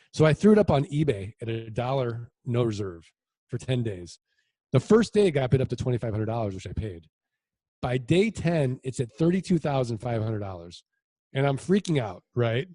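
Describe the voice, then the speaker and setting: A man being interviewed as a land investor, telling stories in a casual, animated way with lots of quoted dialogue. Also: mid-range voice, moderate pace, no echo. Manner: animated anecdotes with voiced quotes.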